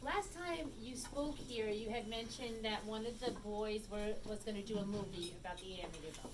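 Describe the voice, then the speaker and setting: Distant woman asking a quiet question from the audience. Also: mid-range voice, moderate pace. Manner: hesitant, quiet question from the crowd. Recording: distant, echoey, noisy room.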